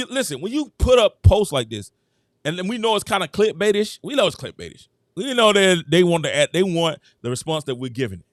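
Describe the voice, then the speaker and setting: Animated man hosting a sports live stream. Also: high-pitched, no room sound, clean studio sound. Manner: animated, emphatic, thanks viewers, talks straight to chat. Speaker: host.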